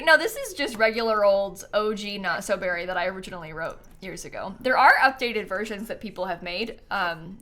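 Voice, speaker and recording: A woman's voice: medium pitch, bright, forceful tone. A woman chatting casually on a live stream while she plays a life-sim game, giggling often and answering questions from chat.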